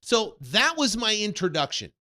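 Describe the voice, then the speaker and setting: Man, 50s, real estate coach, animated storyteller, very lively pitch swings. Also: moderate pace. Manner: animated storyteller who acts out quoted dialogue. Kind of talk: personal story told to an audience.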